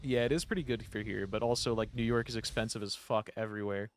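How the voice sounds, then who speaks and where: A man's voice: lowish voice, fairly even intonation, fast, slight background noise. A young man streaming a game, telling stories in a rambling, profane way, full of "like". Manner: rambling, profane, heavy use of "like". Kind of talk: casual storytelling while playing a game.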